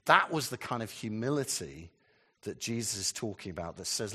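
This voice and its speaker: Man, preacher, sermon, chatty and rambling, fairly low voice, long hall reverb. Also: animated, normal speed, bright, forceful tone, husky. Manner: conversational, rambling, with frequent asides.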